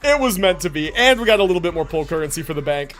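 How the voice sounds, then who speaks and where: Young male streamer, high lively voice, hype and quick to laugh, faint game music behind. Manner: excitable, hype, laughs a lot, swears casually. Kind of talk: casual livestream commentary.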